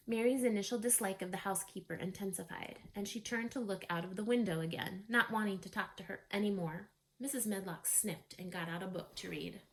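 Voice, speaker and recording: A woman reading a children's novel aloud in a calm, even storytelling manner. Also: mid-range voice, poor audio.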